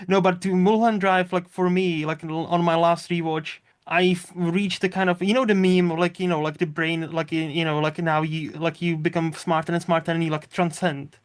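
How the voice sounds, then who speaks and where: A man with a slightly higher voice hosts a laid-back movie podcast. He rambles through his thoughts, leans on fillers and swears freely. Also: level tone, moderate pace, hardly any pauses, smooth. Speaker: podcast host. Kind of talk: casual movie chat.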